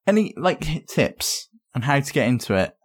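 A man's voice: mid-range voice, very animated, normal speed, husky. A British man co-hosting a gaming podcast in casual, self-deprecating chat. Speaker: podcast co-host.

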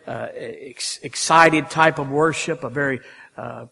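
A man preaching a sermon from a church sanctuary, animated and rising to loud exclamations. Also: fairly high pitch, a little slow, gravelly, husky, big-room sound. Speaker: pastor.

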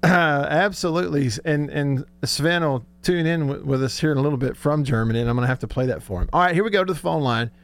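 A man hosting a sports talk radio show, telling stories excitedly and laughing often. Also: fairly high pitch, fast talker, few pauses.

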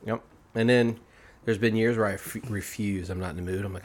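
A man's voice: lowish voice, fairly even intonation, fairly quick. A man in his thirties hosting a casual podcast chat, blunt and laughing as he tells stories. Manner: blunt storyteller, swears, laughs often. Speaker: podcast host. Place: barbershop.

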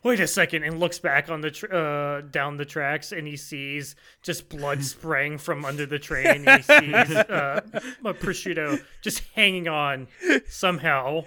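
A thoughtful man chatting as a podcast co-host, pausing over his words. His tone is bright and sits slightly high. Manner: thoughtful, halting with fillers, laughs. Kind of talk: casual chat.

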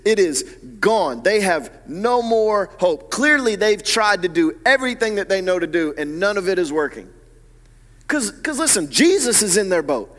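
A man preaching a sermon as pastor, animated and swinging from hushed, low asides to loud, emphatic peaks. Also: big-room sound.

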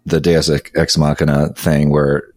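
Male podcast co-host with a very deep voice, halting delivery, dry recording. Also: level tone, darkish tone, no echo. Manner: hesitant, restarts often. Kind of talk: casual chat.

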